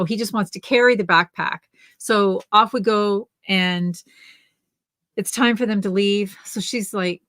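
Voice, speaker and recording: A woman's voice: lowish voice, a bit bright, no room sound, clean studio sound. An older woman co-hosting a casual knitting livestream, telling a family story in a chatty way with restarts.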